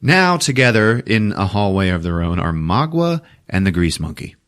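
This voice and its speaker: A man hosting a podcast, retelling a movie in a profane, animated way. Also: low-pitched, moderate pace. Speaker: podcast host. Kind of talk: casual movie recap. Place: podcast studio.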